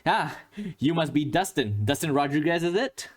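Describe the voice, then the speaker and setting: Man voicing a middle-aged horror film director, bossy, upbeat, raised pitch. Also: animated, moderate pace. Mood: sizing up. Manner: bossy, upbeat, claps people into place.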